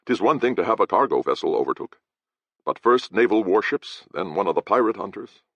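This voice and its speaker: A man's voice: lowish voice, animated, a little fast, vocal fry, a bit bright, slightly rough, no echo, voice pushed up, full character voice. A man voicing a loyal, cautious male harbor guard with old-fashioned speech, talking in a confiding way, in a dry, slightly dull recording.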